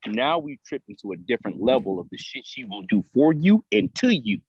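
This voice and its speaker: A man with a husky voice tells jokes and stories emphatically in a casual podcast chat. His pitch swings widely. The sound is dry and a little muffled. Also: fairly quick, no echo. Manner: animated storyteller, emphatic, joking. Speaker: podcast co-host.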